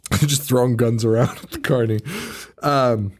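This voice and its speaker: A man's voice: medium pitch, measured pace. A man co-hosting a podcast, casually recapping a movie in a rambling way, swearing freely, laughing often and mimicking characters. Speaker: podcast co-host.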